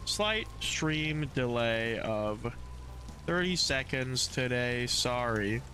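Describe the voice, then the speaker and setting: Young male streamer, casual and animated, pitch jumping all over, reads chat aloud and restarts sentences. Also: extremely slow, a little hiss or hum. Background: music.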